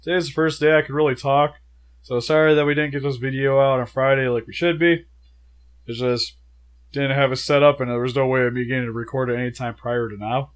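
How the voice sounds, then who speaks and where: A man's voice: mid-range voice, fairly even intonation, fairly quick. A man co-hosting a casual movie review chat, recovering from a sickness with a worn voice and chewing gum as he jokes. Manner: chewing gum while talking, joking banter. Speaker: co-host of a movie review show.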